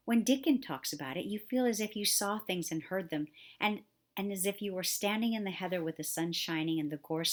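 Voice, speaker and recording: A woman's voice: lowish voice, close to an everyday voice. A woman voicing a blunt, stubborn young girl who talks eagerly about the moor. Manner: obstinate, eager.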